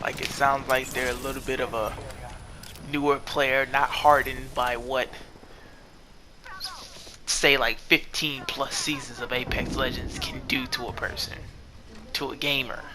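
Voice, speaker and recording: A man's voice: mid-range voice, level tone, unhurried, pauses often, background noise. A man giving casual, rambling commentary over his gameplay clips, exasperated and often correcting himself mid-sentence. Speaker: gaming video creator.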